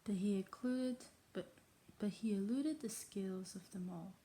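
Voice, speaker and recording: This reader takes her time, her medium-pitched voice dark in tone, as she works through a novel in an affected English accent. She keeps stumbling over words and interrupting herself with self-mocking remarks.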